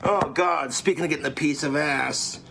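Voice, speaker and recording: A man's voice: fairly high pitch, moderate pace, creaky, noisy background. Brash man telling amateur jokes. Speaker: comedian in played clips. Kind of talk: amateur stand-up comedy clip. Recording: played clip.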